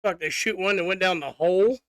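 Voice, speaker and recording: A man's voice: sits high, a little fast, a bit bright, clean tone, no room sound, clean studio sound. A man co-hosting a podcast, chatting casually about hunting, laughing and swearing often. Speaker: podcast co-host. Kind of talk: casual chat.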